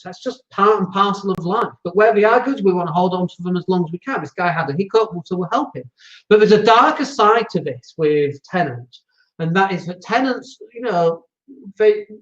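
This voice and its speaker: A man hosting a property investing show, talking bluntly in a casual monologue and acting out the voices he quotes. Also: sits high. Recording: roomy, dull lo-fi sound.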